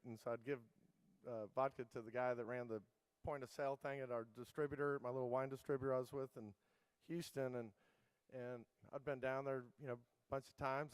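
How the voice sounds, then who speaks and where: A man's voice: mid-range voice, smooth, no room sound, low-quality recording. A middle-aged man giving a conference keynote, telling casual, rambling anecdotes full of fillers and restarts. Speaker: keynote speaker.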